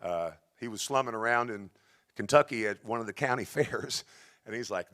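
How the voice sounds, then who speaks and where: A male singer hosts a benefit concert on a theatre stage, telling folksy stories about music history between songs. His voice is on the low side, fairly bright in tone, at a normal speed.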